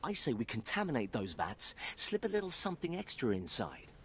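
An actor playing an excitable male Imperial schemer in a video game, pitching a plan with eager glee. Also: a little fast, a little hiss or hum. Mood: scheming. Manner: eager, gleeful salesman pitch.

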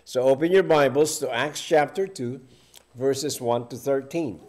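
A man's voice: medium pitch, a little mellow. A man preaching a sermon in a church, reading scripture aloud and stressing key words with emphasis. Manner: deliberate, emphatic, with swelling stresses.

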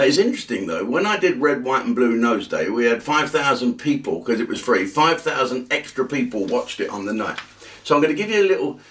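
A man's voice: medium pitch, a bit bright, recorded from a distance. A man hosting a comedy show, ranting in an exasperated way.

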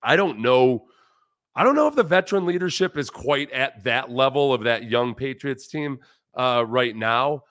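Animated man talking sports, bright and dry. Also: medium pitch, clean tone, no room sound. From United States. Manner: animated, rambling, restarts often, reads chat aloud. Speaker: former NFL player turned sports commentator, livestream host. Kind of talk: casual sports talk livestream.

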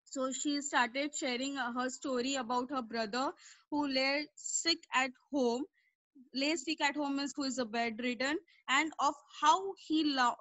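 High, bright-voiced teacher. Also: female voice, dry recording, muffled recording. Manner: explains word meanings patiently, repeating herself. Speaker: English teacher. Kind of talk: online class lesson explaining a story.

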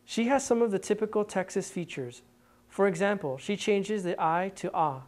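A woman reading scripted documentary narration in an even, explanatory way. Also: mid-range voice, moderate pace.

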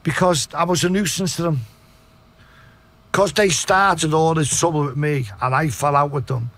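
A man's voice: steady tone, normal speed, a bit bright. A middle-aged man with a Liverpool accent, telling his story in a blunt, sweary interview. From Liverpool, England. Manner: blunt, sweary, low-voiced retelling. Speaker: podcast guest.

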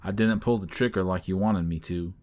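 A man with a low voice voicing a timid, gentle younger brother who speaks hesitantly and apologetically. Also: brisk, a little hiss or hum, lightly acted. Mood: earnest.

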